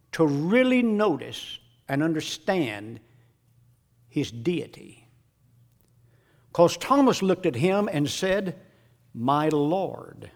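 Male preacher, sermon, dramatic, slow delivery, lively pitch, hushed to shouting.

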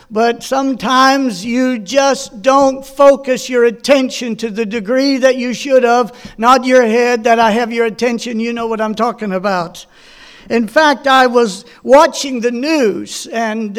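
High-voiced man preaching with folksy stories. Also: clear, resonant tone. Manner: folksy storytelling with personal anecdotes; asks the congregation questions. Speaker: pastor. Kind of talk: sermon.

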